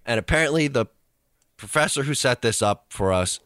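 A man's voice: medium pitch, expressive, normal speed, a bit bright, no room sound, clean studio sound. A young man co-hosting a casual chat, rambling through an anecdote and laughing as he tells it. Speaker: co-host, student radio reporter.

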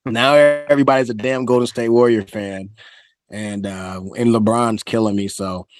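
A man in his forties from California, a former football player co-hosting a podcast, telling a story in casual chat and acting out quotes with big jumps in his voice. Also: moderate pace. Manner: animated, acts out quotes with big pitch jumps, laughs often.

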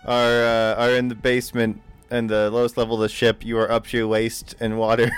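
A man's voice: medium pitch, completely flat delivery, fairly quick, clear, resonant tone, faint music behind. A young man running a tabletop game as game master, talking hesitantly with fillers and restarts.

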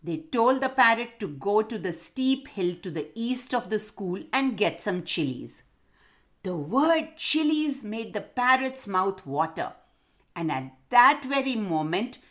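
Lady reading a kids story, slow and singsongy, talks to the kids. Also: medium pitch. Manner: expressive, addresses children directly. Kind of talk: children's story narration.

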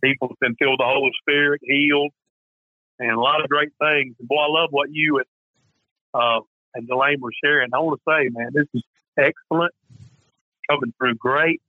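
A man's voice: mid-range voice, steady tone, normal speed, pauses often, no room sound. A man from Mississippi, a pastor calling in to a faith show, talking in an upbeat, enthusiastic way with some hesitations. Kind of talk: phoned-in call-in conversation. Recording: tinny phone line.

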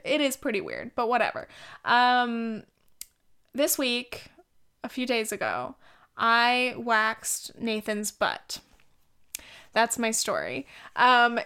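A woman's voice: on the high side, fairly bright tone, clear, resonant tone. A woman in her twenties hosting a podcast, chatting candidly and rambling with lots of likes and ums. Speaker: podcast host. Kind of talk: casual solo chat.

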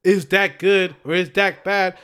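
A young man co-hosting a casual sports podcast, talking in an animated, exasperated rant. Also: sits high, measured pace, clean tone. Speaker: podcast co-host.

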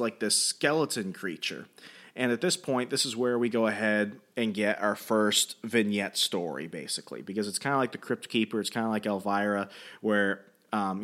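A man's voice: fairly low pitch, fairly bright tone. A man podcaster casually recapping a comic, rambling and jokey, humming filler.

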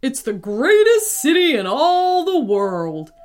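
A woman's voice: sits high, big pitch swings, slow pace, a little mellow, pitched above the performer's own voice, heavily acted. A woman voicing a stern male red panda palace guard for a storybook reading.

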